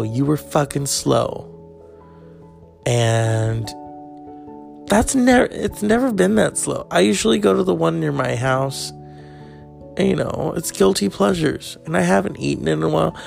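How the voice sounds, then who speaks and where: A man's voice: a little high, vocal fry. A man hosting a podcast, rambling through a crude comedic monologue with mock outrage and lots of profanity. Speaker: podcast host.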